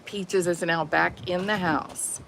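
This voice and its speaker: A woman's voice: fairly low pitch, steady tone, slow pace, vocal fry, fairly bright tone, slight background noise, low-quality recording. A woman chatting casually on a live vlog outdoors, talking to her viewers and her pets. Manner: chatty, talks to her pets, laughs often. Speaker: vlogger. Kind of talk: casual live-stream chat.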